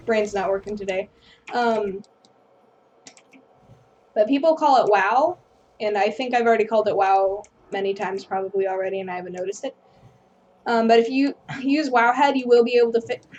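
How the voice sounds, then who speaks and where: A woman's voice: a little high, a little mellow, dull audio, slight background noise. A woman hosting a gameplay video, rambling through casual commentary and apologizing self-deprecatingly. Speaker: gaming video host.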